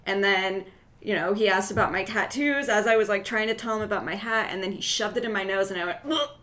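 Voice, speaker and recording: A woman co-hosting a podcast in casual chat, telling animated stories full of "like" and swearing. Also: medium pitch, fast talker. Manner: animated storyteller, lots of "like", swearing. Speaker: podcast co-host.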